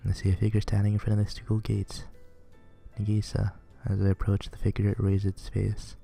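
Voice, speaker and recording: A man's voice: on the low side, completely flat delivery, a little fast, gravelly, mellow, faint music behind. A man reading a visual novel aloud in an earnest, plain manner, with small stumbles. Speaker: reader playing a visual novel.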